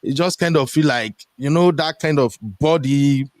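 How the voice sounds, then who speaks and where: A young Nigerian man hosting a casual online talk show, animated and full of pitch jumps as he quotes people. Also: a little slow, dry recording. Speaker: host. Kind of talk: casual chat. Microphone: streaming headset mic.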